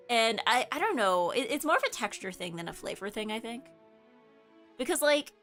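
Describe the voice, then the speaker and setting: A woman's voice: mid-range voice, a bit bright. A woman streamer in casual chat, rambling and correcting herself, with lots of filler words. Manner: rambling, chatty, many filler likes, self-correcting.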